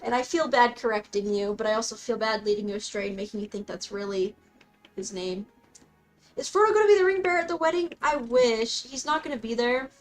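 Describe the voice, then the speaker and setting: A young woman streaming a game, chatting casually with her viewers in a bubbly, excitable way, often breaking off to talk to her dog. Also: fairly high pitch, fairly quick, soft background music. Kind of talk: casual live-stream chat reading comments. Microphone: desk mic, dog close by.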